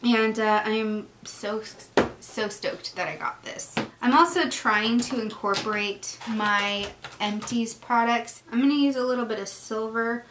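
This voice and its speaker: A woman's voice: fairly high pitch, steady tone, a little slow, fairly bright tone. A woman beauty vlogger chatting and gushing as she does her makeup in a get-ready-with-me video. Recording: echoey room with faint noise.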